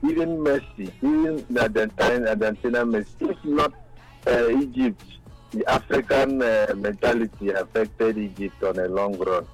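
A man's voice: fairly low pitch, moderate pace, faint music behind, low-quality recording. A man with a Nigerian accent calling in to a radio show, giving rambling opinions on football. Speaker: caller. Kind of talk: casual phone-in opinion.

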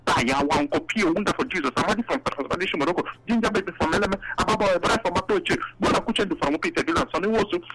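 A man's voice: sits high, very fast, hardly any pauses. A Nigerian man calling a radio show in pidgin, rattling off long lists of names to greet. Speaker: caller. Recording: phone call into radio show with music.

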